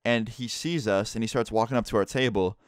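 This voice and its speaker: Young male vlogger, casual storyteller, smooth clear voice, dry close sound, lowish pitch. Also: a little fast, no room sound. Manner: relaxed, chatty, lots of "like".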